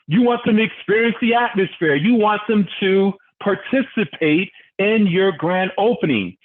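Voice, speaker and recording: A high-voiced man leads a business training over a conference call and gets fired up as he goes. His delivery is preachy and energetic, and he keeps asking his listeners questions. The audio is thin and tinny, like a phone line. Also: moderate pace.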